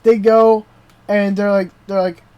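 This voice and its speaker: A young adult man co-hosting a podcast, excitedly recapping a TV show in casual chat, full of swearing and "dude" and "like" fillers. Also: high-pitched, measured pace, smooth, lo-fi sound. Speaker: podcast co-host.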